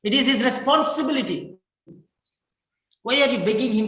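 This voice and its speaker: A man's voice: very high voice, moderate pace, pauses often, sharp tone. A man teaching English writing for exams in an emphatic, repetitive lecture full of rhetorical questions. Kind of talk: classroom-style lecture. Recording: echoey room.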